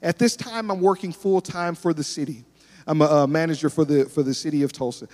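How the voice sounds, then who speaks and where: A male pastor preaches in a high, light voice, his words ringing through the long reverb of a large church hall. He tells animated stories and acts out each person's lines as he goes. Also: a little fast. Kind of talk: sermon with storytelling.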